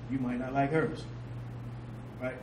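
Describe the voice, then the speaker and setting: A man's voice: medium pitch, level tone, a little slow. A man teaching an informal class, talking loosely with street slang and some scripture quotes, recorded from across the room. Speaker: civic class speaker. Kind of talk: informal lecture to a small class. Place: indoor meeting room. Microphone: distant camera mic. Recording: echoey room, far from the mic, noisy.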